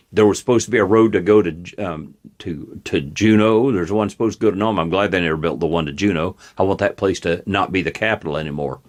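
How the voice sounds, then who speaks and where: Guy hosting his show, lowish voice, folksy and opinionated, talking to his webcam. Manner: folksy, opinionated, plain-spoken. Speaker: talk show host. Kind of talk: casual political commentary. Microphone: webcam on desk.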